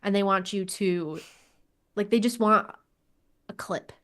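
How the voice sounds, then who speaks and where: Frank, animated podcast woman. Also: medium pitch, measured pace. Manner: frank, animated, swears and laughs often. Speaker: podcast co-host. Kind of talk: casual chat.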